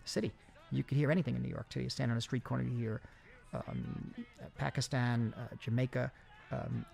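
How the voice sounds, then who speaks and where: A man recording a film commentary, speaking in a halting way with many fillers and restarts. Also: mid-range voice, creaky, a little mellow. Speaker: film director giving commentary.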